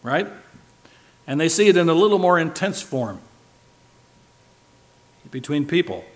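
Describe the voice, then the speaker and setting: Emphatic preacher man, slightly high voice. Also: very animated, a little slow. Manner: emphatic, shifting loud and soft for stress; asks the listeners rhetorical questions. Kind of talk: sermon.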